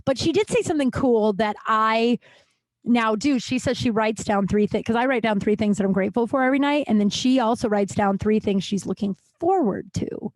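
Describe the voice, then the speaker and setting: Rambling, excitable woman podcast host. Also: fairly high pitch, no room sound, clean studio sound. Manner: rambling, swearing, quick laughs, bursts of excitement. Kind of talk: casual solo podcast chat. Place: small closet studio.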